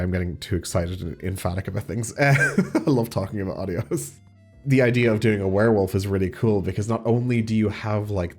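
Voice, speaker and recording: Young man, deep mellow voice, slightly stuffy, gushing and rambling in a casual Q&A chat. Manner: rambling, excitable, lots of "like". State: slightly congested from allergies. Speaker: audio roleplay creator.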